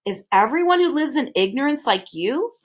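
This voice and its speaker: A woman voices an earnest young boy, pitching above her natural voice so it sits high. Her pitch swings widely, at a normal speed.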